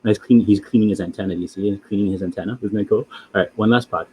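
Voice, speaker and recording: A man presenting animals on a live educational show, excitable, stammering and often laughing. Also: fairly low pitch, rapid-fire, background noise.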